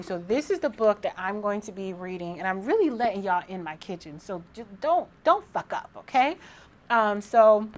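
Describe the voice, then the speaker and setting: A thirty-something woman vlogs casually to the camera, sounding excited and rambling as she keeps restarting her sentences. Her pitch sits in the middle range.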